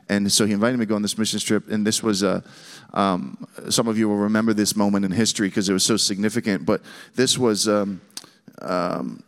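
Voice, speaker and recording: A middle-aged man preaching and telling a story, animated, with frequent restarts and a voice that jumps higher when excited. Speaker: guest speaker. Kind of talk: sermon storytelling. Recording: long hall reverb.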